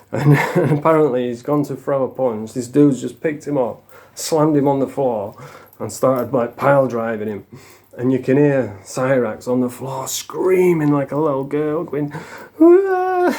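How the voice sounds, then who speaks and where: A man recounting a story in a loose, rambling way, full of slang and quick chuckles. His voice is soft and mellow, sitting at an everyday pitch. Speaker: online commentator. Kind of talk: casual storytelling.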